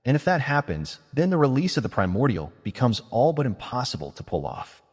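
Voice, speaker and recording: A man doing a cool, scheming mage with a lively voice. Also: mid-range voice, slightly rough, long reverb tail. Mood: calm. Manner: measured, reasoning tone. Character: calm scheming male mage, coolly persuasive.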